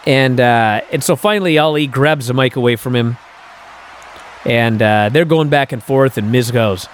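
A male podcast host, mid-range in pitch and moderate in pace, runs through a casual recap in disbelief. The telling is animated and crowded with fillers like "uh" and "and so."

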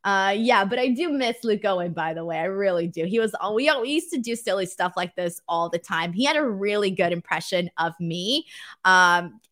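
A woman's voice: medium pitch, animated, normal speed, fairly bright tone. A woman from California with a Valley girl accent, hosting a wrestling show in a casual, self-mocking livestream chat with her viewers.

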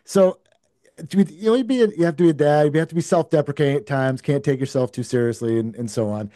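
A man's voice: fairly high pitch, quick pace, warm tone, no echo. A middle-aged man hosting a casual interview, asking questions with hesitant restarts. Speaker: podcast host.

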